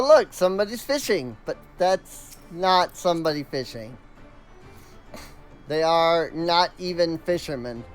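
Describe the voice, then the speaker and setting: A man streaming a video game, chatting casually with amused asides. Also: fairly high pitch. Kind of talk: casual chat while playing a game.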